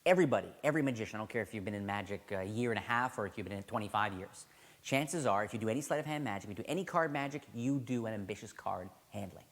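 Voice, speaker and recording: A man's voice: lowish voice, expressive, rapid-fire. A man teaching card sleights in a casual video tutorial, enthusiastic and conversational, often correcting himself mid-sentence.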